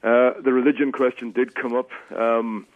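A man's voice: medium pitch, little pitch movement, moderate pace. An Irish man in his forties, a radio guest talking chattily with a self-mocking humor and many restarts. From Ireland. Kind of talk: call-in radio interview. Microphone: telephone. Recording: tinny phone line.

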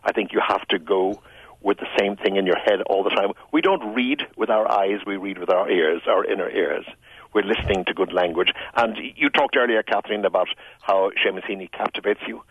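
An older man from Ireland with a soft Irish accent, smoothed by years in London, speaking as a radio guest in a reflective, musical way. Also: lowish voice, a little fast, no echo, muffled recording. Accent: Irish, Tipperary, smoothed by years in London. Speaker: radio show guest, writer. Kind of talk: relaxed radio conversation.

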